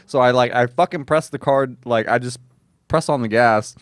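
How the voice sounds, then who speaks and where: A man's voice: medium pitch, moderate pace, no echo, clean studio sound. A man hosting a podcast, telling rambling, profane stories full of quoted dialogue in a casual chat. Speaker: comedian host. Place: podcast studio.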